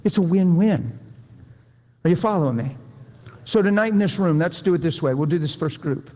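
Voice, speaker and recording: A man's voice: a little high, animated, normal speed, mellow. A man preaching a sermon to a room, folksy and conversational, pleading with his listeners. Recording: long hall reverb.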